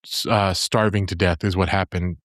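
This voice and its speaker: A man's voice: low-pitched, fairly even intonation, normal speed, fairly bright tone, no echo, clean studio sound. A man on a casual podcast, laying out a story in an easygoing, rambling way. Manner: easygoing, rambling with fillers and restarts. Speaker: podcast presenter.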